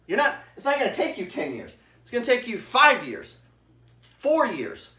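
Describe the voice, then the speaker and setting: A man's voice: high-pitched, very animated, normal speed, pushed and bright, distant mic. Slightly breathless man explaining investing. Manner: blunt, works through rough math aloud, rounding as he goes. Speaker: real estate investor. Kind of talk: informal money explainer. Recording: echoey room, away from the mic.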